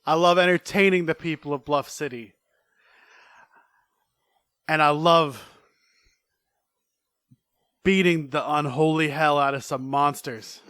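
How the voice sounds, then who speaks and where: A man's voice: a little high, slow, long pauses, fairly bright tone, smooth, dry recording, clean studio sound. A man voicing a brash male pro wrestler cutting a rhythmic, rhyming trash-talk promo. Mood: swaggering.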